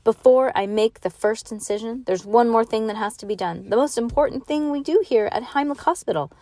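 A woman's voice: fairly high pitch, a little fast, warm tone, dry recording, pitched above the performer's own voice, close to an everyday voice. A woman voicing an earnest young boy pretending to be a doctor as she reads the story aloud. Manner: earnest, trying to sound official.

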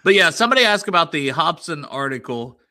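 Bright, lively-voiced man hosting. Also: fairly high pitch, fast. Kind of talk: casual sports podcast chat.

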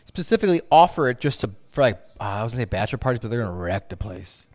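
A man co-hosting a podcast in casual chat, rambling and swearing freely in an animated way. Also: mid-range voice. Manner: rapid, animated, profane rambling. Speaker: podcast co-host.

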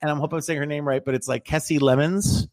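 A man's voice: a little high, level tone, very fast. A man in casual chat, telling a story in a rambling way with many restarts and fillers.

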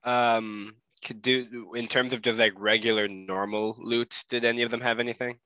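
A man's voice: mid-range voice, level tone, normal speed, pushed and bright, clean tone. A man playing a tabletop game, making wry, joking asides in casual chat. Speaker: player.

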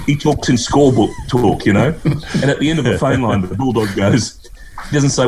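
A man's voice: mid-range voice, fairly quick, darkish tone, slight background noise. A middle-aged Australian man from Queensland, a guest telling rambling, chuckling anecdotes and mimicking people in a casual interview.

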